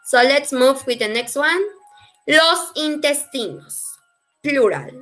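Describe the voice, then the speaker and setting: Woman teacher, slow n patient, bright high-ish voice, soft music behind. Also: expressive. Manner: patient, repeats phrases slowly for learners. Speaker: Spanish teacher. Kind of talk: slow explanatory language lesson.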